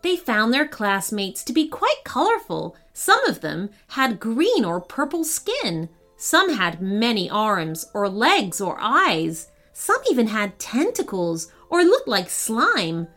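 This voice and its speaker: Woman, storybook narration, fairly high voice, bouncy animated pitch, faint music underneath. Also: slow, few pauses. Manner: lively, expressive read-aloud delivery. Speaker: storyteller host.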